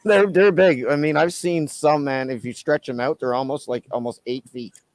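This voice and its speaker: A man chatting casually on a livestream and telling stories lively, acting out what people said. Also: fairly high pitch, moderate pace, no room sound. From Canada. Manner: animated storyteller, acts out shouted quotes. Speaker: livestream host. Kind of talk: casual chat.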